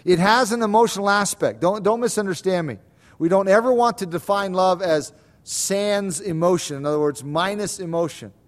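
A man preaches in a high voice, moving between quiet explanation and loud, repeated urging. He is a pastor delivering a sermon and stresses his points by saying them again and again. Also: moderate pace. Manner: emphatic preaching, swings between soft and loud.

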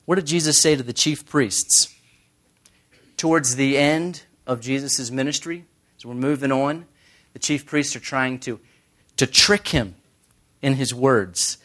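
A man's voice: mid-range voice, measured pace, fairly bright tone. Joking man teaching a Bible study. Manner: joking asides, conversational, quotes scripture. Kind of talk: sermon-style Bible teaching.

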